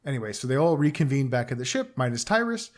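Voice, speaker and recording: A man co-hosting a podcast, recapping a TV episode in easy, chatty talk. He slips into quick impressions of the characters as he retells each scene. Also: medium pitch, big pitch swings. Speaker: podcast co-host.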